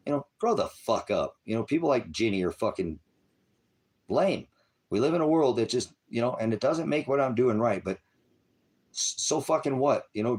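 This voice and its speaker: A man rants at his livestream chat, swearing constantly and firing off aggressive, rambling preaching. His voice sits fairly low and sounds husky and rough-edged. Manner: profane, aggressive rant, addresses chat viewers. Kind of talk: angry rambling livestream talk.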